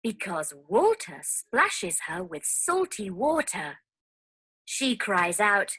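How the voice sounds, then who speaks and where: A woman reads a children's phonics story aloud. Her pitch swoops up and down in a sing-song storybook way. She reads slowly, with a husky edge to her voice. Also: big pitch swings, a bit bright. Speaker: story narrator. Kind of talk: recorded storybook narration.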